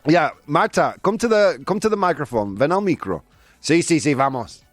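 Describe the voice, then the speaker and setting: Lively jokey male radio host. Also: on the high side, moderate pace, no room sound, faint music behind. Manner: jokey, self-mocking, laughs often. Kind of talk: casual radio chat.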